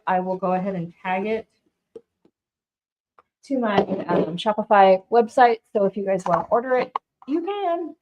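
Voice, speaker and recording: A woman at a mid-range pitch hosts a live do-it-yourself painting demonstration from her shop. She is chatty and upbeat, and talks straight to the people watching as if they were friends. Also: a little mellow, rough recording. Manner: chatty, upbeat, talks straight to viewers and calls them by name. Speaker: shop owner hosting a live DIY demo. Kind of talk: casual live crafting demonstration.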